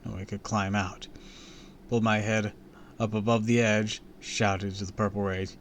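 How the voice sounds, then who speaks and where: A man's voice: fairly low pitch, little pitch movement, moderate pace. A man reading a horror story aloud on a stream, dramatic and dropping into whispers for suspense.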